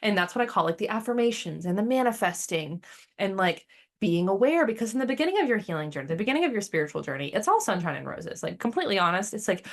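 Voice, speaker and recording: A woman's voice: medium pitch, fast. A woman hosting a spiritual podcast in a casual, blunt way, swearing freely and wandering into sidetracks. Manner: blunt and profane, animated; chatty, with fillers and sidetracks. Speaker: podcast host.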